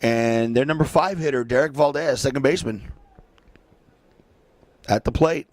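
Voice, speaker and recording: A man doing play-by-play for a local baseball game, chatty and joking between pitches. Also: normal speed, dry recording. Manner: joking, chatty, breaks into silly asides. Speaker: play-by-play announcer.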